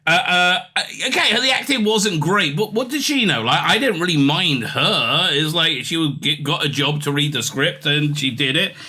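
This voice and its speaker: A man's voice: on the high side, animated, moderate pace, hardly any pauses, pushed and bright, slightly rough. A man hosting a ranting news commentary, reading articles aloud with scorn and exasperation and stumbling over the text. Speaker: commentary channel host.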